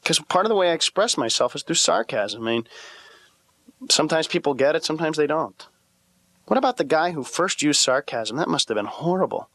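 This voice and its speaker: Sarcastic, animated male comedian. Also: fairly high pitch, a little fast, dry recording. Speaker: comedian as patient. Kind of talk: stand-up monologue.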